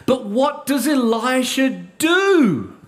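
Male preacher, high voice, measured delivery, rhetorical questions, emphatic repetition. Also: lively intonation. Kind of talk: sermon.

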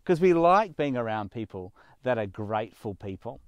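A man's voice: medium pitch, big pitch swings, moderate pace, no echo. A man giving a sermon, speaking earnestly and pushing up on his key words. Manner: earnest, emphatic preaching with rising stresses. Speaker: pastor.

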